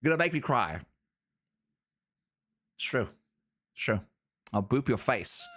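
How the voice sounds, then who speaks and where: A man's voice: mid-range voice, sing-song, unhurried, fairly bright tone. A man streaming live, chatting loosely with his viewers, drowsy and loopy from allergy medication, goofy and rambling and breaking into sing-song chants.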